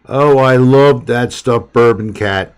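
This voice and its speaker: A man's voice: medium pitch, slow pace, smooth. A man hosting a live stream, chatting casually and rambling from topic to topic with his viewers.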